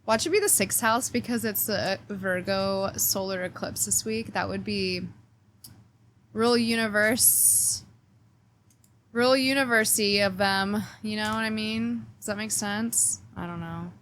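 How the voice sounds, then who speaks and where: A woman's voice: medium pitch, a little slow, a bit bright, slight background noise. A woman hosting a casual weekly astrology forecast, chatting playfully and cheekily straight to her viewers while reading oracle cards. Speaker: astrology reader and channel host.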